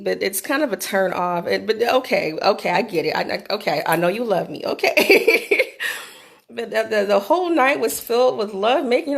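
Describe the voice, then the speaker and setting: Speaking in a medium-pitched voice with vocal fry, a middle-aged woman vlogs into her phone. She shares a frank personal story, lively and cursing without restraint.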